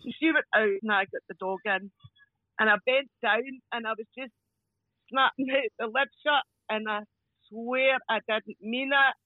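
A Scottish woman telling stories casually as a podcast guest, animated and laughing often as she acts out voices. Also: a little high, normal speed, no echo. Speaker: podcast guest, crime scene cleaner. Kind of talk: casual storytelling chat. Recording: dull lo-fi dry sound.

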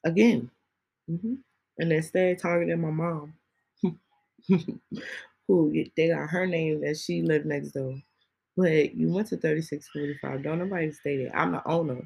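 A woman on a podcast ranting with heated indignation and firing off rhetorical questions. Her voice sits fairly low, with a gravelly fry and a husky, breathy grain. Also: steady tone, measured pace, pauses often, a little mellow, low-quality recording. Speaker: podcast host. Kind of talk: casual ranting monologue.

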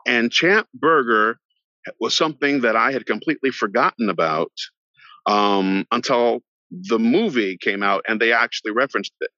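A middle-aged man, an actor guest on a podcast, telling a long story in an animated way and acting out the voices of the people in it. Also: lowish voice, no room sound. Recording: dull lo-fi sound, dry.

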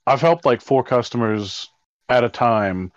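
A man's voice: mid-range voice, unhurried, no echo. Rambling exasperated man, dry dull sound. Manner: rambling, exasperated, swears freely. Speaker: co-host telling a work story. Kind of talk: casual chat. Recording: dry, slightly dull recording.

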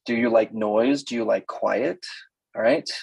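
A man's voice: medium pitch, a little slow, gravelly, darkish tone, husky, no room sound, poor audio. An older man coaching women in a playful talk, often mimicking other people's voices. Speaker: relationship coach.

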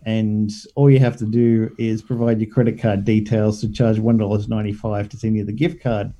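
A man in casual chat, telling funny stories in an animated way and laughing often. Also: lowish voice, brisk, muffled recording.

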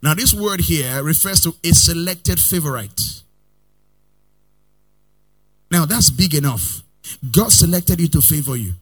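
A male preacher with a somewhat high, husky voice delivers a sermon. His pitch rises and falls dramatically as he moves from loud bursts to quiet asides, often lilting into a sing-song rhythm. He has his congregation repeat lines back to him. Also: unhurried, long pauses. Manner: animated preaching, swinging from loud to soft, sometimes sing-song. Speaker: pastor.

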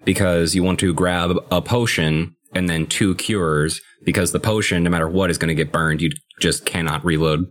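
This young man co-hosts a podcast, casually discussing a video game and explaining strategy in long, loose sentences. His voice sits low with a steady tone, and he speaks at a moderate pace with few pauses.

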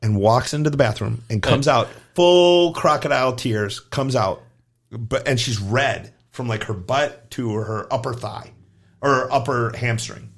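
A middle-aged man, a gymnastics coach co-hosting a podcast, telling lively stories in casual chat and acting out the voices of the people in them. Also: medium pitch, measured pace. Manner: animated, acts out quoted voices in his stories.

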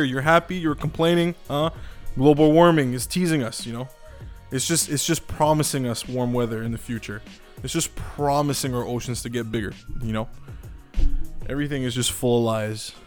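A man's voice: medium pitch, steady tone, moderate pace, faint music behind. Rambling, profane male podcast host. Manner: rambling, profane, joking, lots of fillers and restarts. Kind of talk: casual solo podcast monologue.

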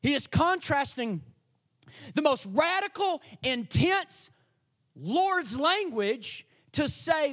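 A male pastor delivering a sermon with a strikingly high-pitched voice. He preaches with energy and drama, shifting between loud emphatic lines and quiet asides. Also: very animated, takes it slowly.

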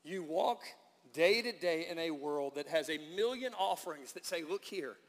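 Preacher guy, highish voice, gets loud and emphatic, churchy echo. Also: moderate pace. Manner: prayerful and hushed in prayer, then animated and emphatic when preaching. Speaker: pastor. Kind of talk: sermon. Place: church sanctuary. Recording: reverberant church hall.

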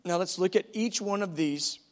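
A man with a notably high speaking voice delivers a teaching sermon. He talks in a lively, conversational way and acts out the lines he quotes. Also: normal speed. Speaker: preacher.

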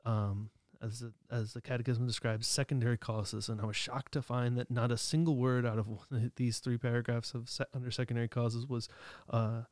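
A man's voice: mid-range voice, little pitch movement, a little fast, a little mellow, dry recording, studio quality. Easygoing man musing on faith. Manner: conversational, many restarts and fillers, chuckling asides. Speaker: podcast co-host. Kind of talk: casual reflective commentary.

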